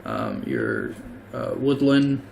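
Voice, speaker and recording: Slow, hesitant male game master. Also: medium pitch, huge pitch swings, vocal fry, background noise. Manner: hesitant, full of ums and rethinking. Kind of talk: narrating a tabletop game.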